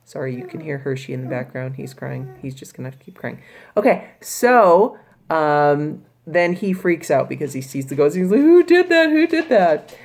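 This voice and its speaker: A woman teacher talks her class through a Shakespeare scene, retelling it in casual, everyday words. Her voice sits low, with a gravelly edge. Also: expressive, normal speed, darkish tone. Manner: casual, paraphrasing the characters in everyday speech. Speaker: high school English teacher. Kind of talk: recorded class explanation of a play.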